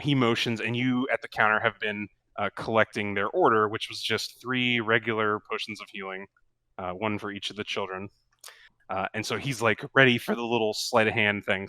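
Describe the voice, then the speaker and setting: Guy running a tabletop game, loose and rambly, lots of uh and like, low and bright. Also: moderate pace, dry recording. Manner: relaxed rambling with many fillers. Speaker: game master.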